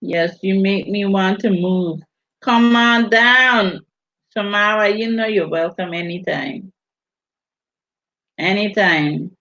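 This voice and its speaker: A woman with a Virgin Islands Caribbean accent hosts a live stream as a vlogger, chatting casually and reading out viewer comments with teasing laughter. Her mid-range voice is a bit bright, she speaks slowly with long pauses, and the audio is dull and lo-fi.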